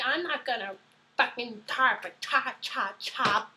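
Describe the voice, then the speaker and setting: A young woman in her early twenties chatting casually into a webcam, rambling and excitable with lots of fillers. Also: fairly high pitch, takes it slowly. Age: early 20s. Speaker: vlogger. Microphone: webcam mic.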